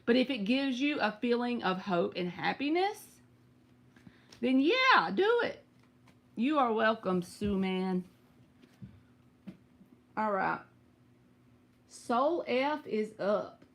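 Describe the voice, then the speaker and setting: A woman's voice: fairly high pitch, very animated, slow, long pauses, a bit bright. A woman with a Southern US accent giving live tarot readings, chatty and direct, answering viewers by name. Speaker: tarot reader.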